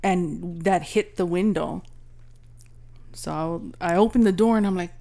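A woman's voice: medium pitch, fairly even intonation, moderate pace, dark tone. A woman co-hosting a podcast, telling stories in a rambling, casual way and swearing freely. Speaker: podcast co-host. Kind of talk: casual chat.

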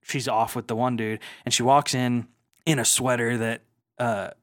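Animated man retelling a reality show, dry sound. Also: medium pitch, moderate pace, no echo. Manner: animated storytelling, slips into mocking voices of people he quotes. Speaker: podcast co-host. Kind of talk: casual chat recapping a reality show.

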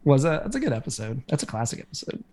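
A man's voice: medium pitch, huge pitch swings, fast talker, a little mellow, a little hiss or hum. A man casually recapping a TV episode on a podcast, rambling with lots of fillers. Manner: rambling, filler-heavy retelling. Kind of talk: casual chat.

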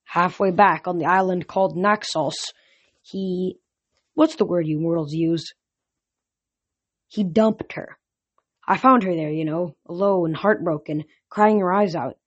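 A woman's voice: on the low side, a little slow, long pauses. A woman voicing a sneering, condescending male god who is bored with heroes. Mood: storytelling. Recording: dull lo-fi recording.

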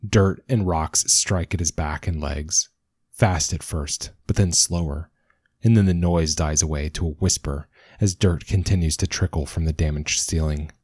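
A man reading a dramatic story as narrator, in a measured storytelling manner. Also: low voice, a little mellow, slightly rough, no echo, clean studio sound. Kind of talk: scripted narration.

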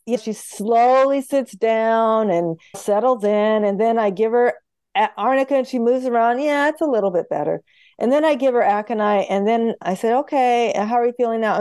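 A woman's voice: a little high, smooth, no room sound. A woman guest, a homeopath, telling patient stories in an interview and acting out the voices of the people she quotes. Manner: lively, acts out quoted voices, quick laughs. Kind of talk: animated storytelling in interview.

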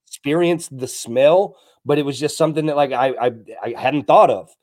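A man's voice: a little high, moderate pace, darkish tone, no room sound. Blunt young man in casual chat. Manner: blunt and outspoken, swears freely.

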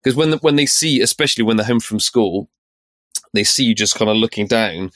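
A man's voice: on the low side, animated, a little fast, a bit bright, no room sound, clean studio sound. A man, a podcast co-host, talking earnestly and reflectively about parenting in casual conversation.

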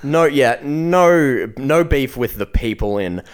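A man's voice: medium pitch, animated, slow pace, clear, resonant tone. A young Australian man co-hosting a podcast in casual, laid-back chat, full of swearing, laughter and fillers. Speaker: podcast co-host.

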